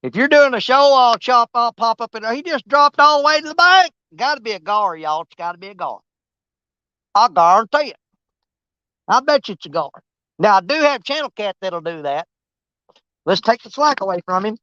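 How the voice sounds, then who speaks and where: Out on a riverbank, a man runs a fishing livestream, chatting casually and rambling to viewers while teasing the fish directly. His very high, animated voice is bright, forceful and smooth at a moderate pace; the muffled recording has no room sound.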